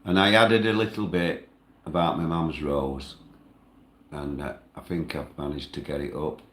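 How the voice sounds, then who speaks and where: A man ranting and chatting on a livestream in broad northern dialect, with loud outbursts. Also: extremely low pitch, steady tone, unhurried. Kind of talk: angry livestream rant. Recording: echoey room.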